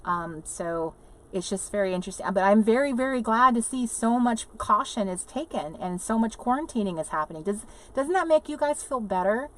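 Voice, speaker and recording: A woman's voice: on the high side, animated, a little fast, fairly bright tone. A woman hosting a casual livestream from inside an RV, rambling chattily, laughing often and reading viewer comments aloud. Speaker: livestream host. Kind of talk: casual live chat with viewers.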